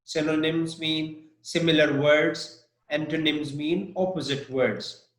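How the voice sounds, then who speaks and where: Slow, echoey male English teacher. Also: on the high side, steady tone, fairly bright tone. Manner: slow and deliberate, often checking in with "okay?". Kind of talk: live online vocabulary lesson. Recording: echoey room.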